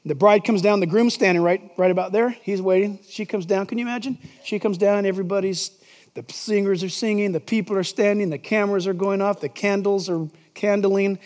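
A man's voice: high voice, steady tone, fairly quick, darkish tone. Middle aged pastor guy preaching, chatty and emphatic, reads scripture, long reverb in the sanctuary. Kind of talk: sermon. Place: large church sanctuary. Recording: long reverb in a large church.

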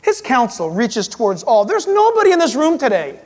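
A man preaching a sermon as pastor, animated and acting out voices and jokes. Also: very high-pitched, moderate pace. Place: church hall. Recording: reverberant hall.

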